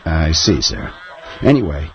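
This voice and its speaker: An actor playing a deadpan male noir detective with a Brooklyn accent, formal and polite, in a comedy radio play. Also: a bass voice, a little slow, a little hiss or hum, full character voice. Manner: deadpan, formal, sir-ending. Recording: slightly muffled recording.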